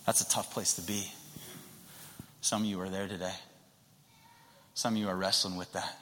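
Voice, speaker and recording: A man's voice: sits low, flat delivery, moderate pace. Earnest male preacher in a reverberant hall. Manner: earnest, builds to emphatic passion, drops to soft whispers. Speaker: pastor. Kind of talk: sermon.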